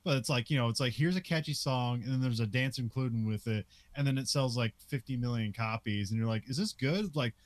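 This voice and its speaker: A man's voice: medium pitch, fairly quick, hardly any pauses. A man co-hosting a podcast, recapping a film in casual chat, laughing often and filling his sentences with "like" and restarts. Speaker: podcast co-host.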